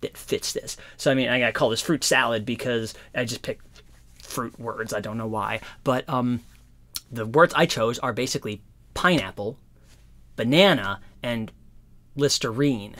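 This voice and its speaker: A man giving a casual guitar lesson, explaining in a relaxed, rambling way with lots of fillers. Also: medium pitch, moderate pace. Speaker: guitar teacher. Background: guitar playing.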